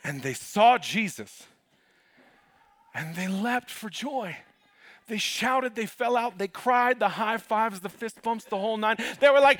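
A man pastor preaching a sermon in an animated, humorous way, calling out to the congregation. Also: very high-pitched, measured pace, no room sound.

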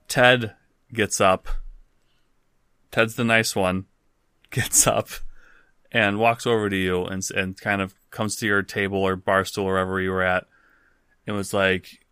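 A man's voice: lowish voice, sharp tone, clear, resonant tone, no room sound, clean studio sound. A man narrating as game master in a loose, casual way, with swearing and restarts.

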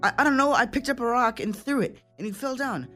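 A young actor playing a frightened, remorseful teenage son in an audio drama. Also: male voice, extremely high pitch, quick pace, sharp tone, soft background music. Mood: fearful. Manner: stammering, fearful.

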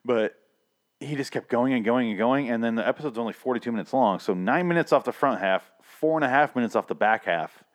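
A man co-hosting a podcast in a casual, profane chat, rambling and laughing often, his throat irritated so he keeps clearing it. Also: mid-range voice, brisk. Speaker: podcast co-host reviewing other podcasts.

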